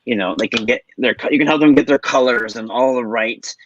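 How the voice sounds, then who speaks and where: A man's voice: medium pitch, fairly quick, a little hiss or hum. A man who is a podcast guest, chatting casually and playfully acting out quotes in funny voices. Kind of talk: casual interview chat. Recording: dull lo-fi sound.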